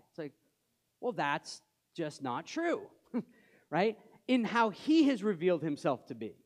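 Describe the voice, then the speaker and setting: With a high voice that swings widely in pitch, the pastor preaches unhurriedly and conversationally. He poses questions to his congregation and turns gentle for the scripture readings.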